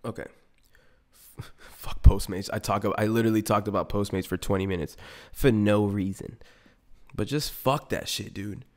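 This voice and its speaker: A man's voice: on the low side, fairly even intonation, moderate pace, pauses often. A young man hosting a podcast, rambling through a profane, comedic monologue and slipping into voices for the people in his stories. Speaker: podcast host.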